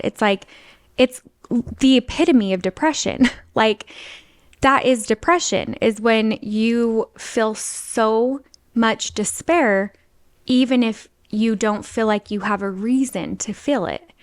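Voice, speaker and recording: A woman's voice: a little high, slow, no room sound. A young woman hosting a podcast, telling a personal story in a chatty way, full of fillers and little laughs. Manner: chatty, filler-heavy, with frequent laughs and intensifiers. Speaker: podcast host.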